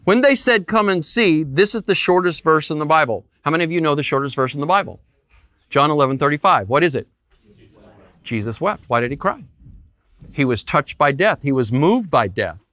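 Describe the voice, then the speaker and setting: A man's voice: fairly high pitch, lively intonation, brisk, a bit bright, no room sound. A man preaching a sermon as pastor, acting out quoted voices.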